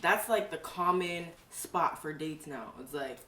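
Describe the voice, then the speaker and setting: Soft-spoken woman, roomy distant sound. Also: deep voice, lively intonation, unhurried. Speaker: podcast co-host. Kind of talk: casual chat. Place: her own home. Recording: roomy and distant with faint hiss.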